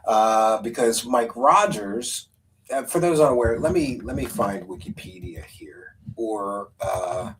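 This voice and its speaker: A man's voice: lowish voice, expressive, slow pace, a little hiss or hum, low-quality recording. A man hosting a casual stream, rambling and thinking aloud as he talks and then reads out a synopsis. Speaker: host. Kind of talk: casual live-stream chat.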